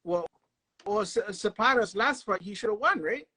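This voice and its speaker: Bright-voiced boxing interviewer. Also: medium pitch, expressive, husky. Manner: probing, halting restarts. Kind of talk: interview questions.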